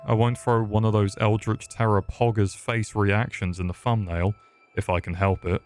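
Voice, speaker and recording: A man's voice: fairly low pitch, a little mellow. A man reading a rambling, self-mocking scripted video essay, stuttering and going off on tangents. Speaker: YouTube host.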